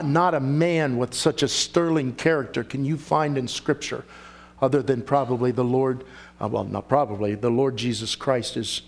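A man preaching a sermon and reading scripture aloud. He speaks emphatically and keeps asking the listeners questions. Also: medium pitch.

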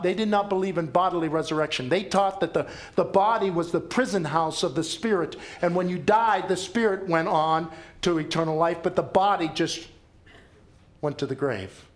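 A man preaching a sermon as a pastor, telling stories dramatically and repeating lines for emphasis. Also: sits high. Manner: dramatic storytelling with emphatic repetition.

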